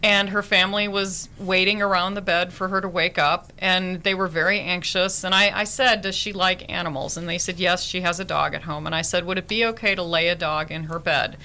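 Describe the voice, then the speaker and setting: A woman with a bright, forceful voice sits for a radio interview. She is a nurse who works with therapy dogs, and she tells her stories earnestly and vividly. Her voice is pitched a little low. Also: fairly even intonation, brisk, hardly any pauses. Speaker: nurse and therapy dog handler.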